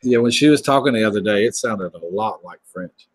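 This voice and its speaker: Chatting on his livestream, a Southern US man rambles along briskly and laughs easily in a lowish voice. There's no room sound, and the audio quality is poor.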